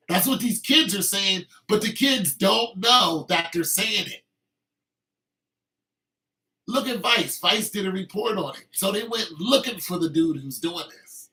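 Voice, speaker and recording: Male podcast host, fairly high and forceful, heated opinionated monologue. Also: animated, measured pace, poor audio. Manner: heated and emphatic, with frequent restarts.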